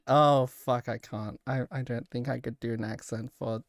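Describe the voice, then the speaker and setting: A woman's voice: a bass voice, fairly even intonation, a little slow, dry recording, studio quality. A young woman streamer chatting casually over gameplay, laughing often and trailing off into fillers. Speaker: let's-play streamer. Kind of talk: casual gameplay commentary and reading game lines aloud. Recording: music playing under the voice.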